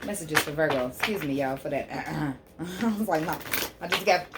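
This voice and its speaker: A woman giving a tarot reading on her channel, preaching fervently to her listeners and softly repeating prayerful invocations as she draws cards. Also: deep voice, normal speed, background noise. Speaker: spiritual healer and tarot reader.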